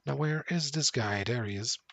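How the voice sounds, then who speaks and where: A man's voice: mid-range voice, moderate pace, vocal fry, a bit bright. A man streaming a game, casually thinking aloud and rambling with fillers between thoughts. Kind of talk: casual gameplay commentary.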